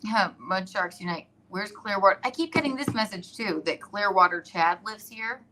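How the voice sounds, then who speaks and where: A woman hosting a casual live stream from her iPad, telling stories in an excitable, rambling way and laughing often. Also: mid-range voice, moderate pace, slight background noise.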